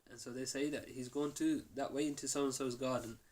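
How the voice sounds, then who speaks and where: A man teaching a mosque class, telling the story in a lively way and acting out the quoted lines. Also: mid-range voice, fairly quick. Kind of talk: storytelling lesson.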